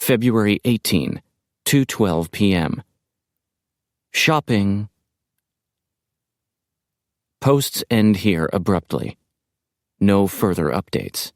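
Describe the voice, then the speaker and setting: A man narrating an audiobook in a measured, even delivery. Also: on the low side, no echo, studio quality.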